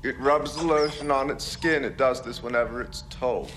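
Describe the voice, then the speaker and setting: A man's voice: mid-range voice, normal speed, fairly bright tone, natural voice. An actor playing a volatile male captor who speaks of his captive with detached menace, from a film clip. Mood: cold. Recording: film clip with music behind.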